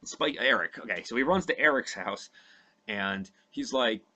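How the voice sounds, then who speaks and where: Rambling, profane man with a bright voice. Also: medium pitch, expressive, moderate pace, lo-fi sound. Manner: rambling, profane, many fillers. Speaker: podcast host recounting a movie from memory. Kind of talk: casual comedic retelling.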